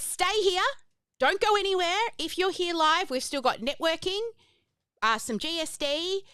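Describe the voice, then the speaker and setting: A middle-aged woman, a business coach, hosts a live online workshop in an excitable, chatty way. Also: fairly high pitch, smooth, no echo. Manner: bubbly, excitable, chatty, prone to squeals and laughter. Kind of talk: energetic live webinar presenting.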